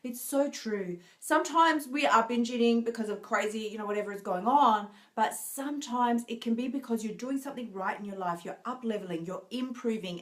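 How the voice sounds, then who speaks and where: This is a woman coaching her viewers in a live video, with a mid-range voice that sits neither high nor low. She talks in an earnest, encouraging way, keeps checking in with "right?", and laughs lightly as she goes. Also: a bit bright. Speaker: binge eating coach.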